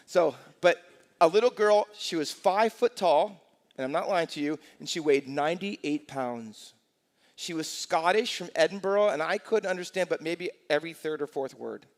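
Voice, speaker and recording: Energetic older preacher in an echoing hall. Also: male voice, fairly high pitch, normal speed. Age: 60s. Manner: energetic storytelling with rhetorical questions. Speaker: pastor. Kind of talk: sermon. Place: church sanctuary. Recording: long church hall reverb.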